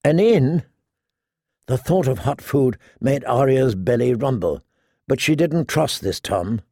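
A man reading a story aloud in a measured storytelling style. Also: medium pitch, lively intonation, vocal fry, a little mellow, no echo, clean studio sound. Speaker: audiobook narrator. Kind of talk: scripted narration.

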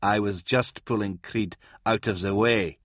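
A man voicing a hulking soldier who speaks quietly and tersely. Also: fairly low pitch, steady tone, a little slow, dry recording, clean studio sound.

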